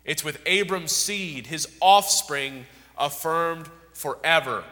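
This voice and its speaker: A man's voice: on the high side, takes it slowly, pushed and bright, big-room sound. A man preaching an expository sermon, emphatic and repeating key words for stress.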